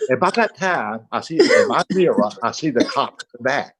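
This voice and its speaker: An older man telling a casual anecdote on a video call, animated and acting out the voices of the people in it. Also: medium pitch, normal speed, breathy edge. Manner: animated storytelling, acts out voices. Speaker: comedy panel guest.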